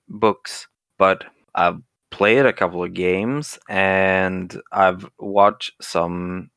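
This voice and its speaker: A tipsy Swedish man co-hosts a casual podcast over a remote call mic, rambling and stumbling over his words. His voice is low, bright and forceful with vocal fry, and the recording is clean and dry, like studio sound.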